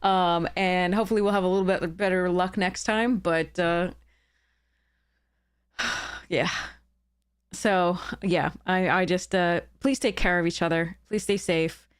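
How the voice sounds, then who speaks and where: A woman's voice: lowish voice, fairly even intonation, measured pace, long pauses, clear, resonant tone. A woman game streamer chatting live with her viewers, earnest and heated, often stopping to apologize.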